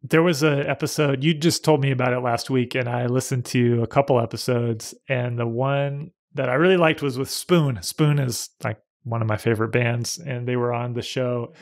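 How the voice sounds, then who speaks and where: A man's voice: mid-range voice, steady tone, moderate pace, hardly any pauses. A middle-aged man co-hosting a casual podcast, joking and teasing himself with frequent laughs. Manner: joking, self-mocking, laughs often. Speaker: podcast co-host. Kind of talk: casual chat.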